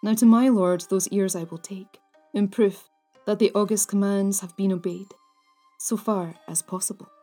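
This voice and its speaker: A woman voicing a grim male ghost warrior with a deep, gruff voice that mutters low. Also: fairly even intonation, moderate pace, mellow, faint music behind, natural voice. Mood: gruff muttering.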